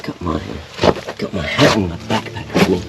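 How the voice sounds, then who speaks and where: Low-voiced Australian man exploring a cave. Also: normal speed, over loud music. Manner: excited, exclaims often. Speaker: outdoor adventure vlogger. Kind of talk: casual exploring commentary. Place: inside a cave. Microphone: action camera.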